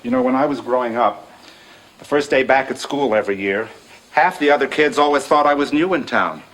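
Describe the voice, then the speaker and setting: Actor playing a wry, self-mocking politician. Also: male voice, mid-range voice, a little fast, a bit bright, lightly acted, poor audio. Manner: dry, self-mocking storytelling. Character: self-deprecating man turned politician. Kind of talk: sitcom acting.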